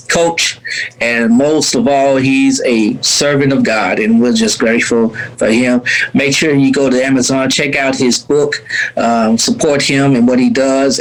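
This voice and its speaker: A man's voice: medium pitch, fairly bright tone, low-quality recording. A man hosting a podcast, effusive and laughing easily as he thanks his guest and signs off. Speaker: podcast host. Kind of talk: casual interview sign-off.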